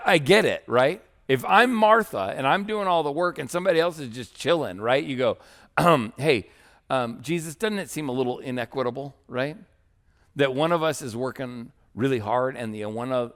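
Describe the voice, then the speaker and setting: A man's voice: medium pitch, a bit bright. A male pastor preaching a sermon in a conversational way, often checking in with "right?" and acting out little scenes. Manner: conversational, asks "right?" often, acts out quoted voices.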